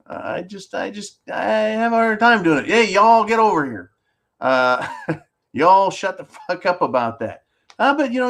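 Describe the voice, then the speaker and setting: Ranting man hosting a commentary show. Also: on the high side. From California. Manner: combative, ranting, sarcastic. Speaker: channel host reading viewer comments. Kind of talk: political commentary livestream.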